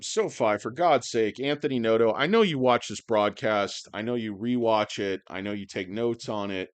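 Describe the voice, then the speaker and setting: A man with a worn-out, hoarse voice, rambling and swearing through a stock-market video monologue, with sardonic asides and loud rants. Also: on the low side, moderate pace, hardly any pauses. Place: indoors under bright lights.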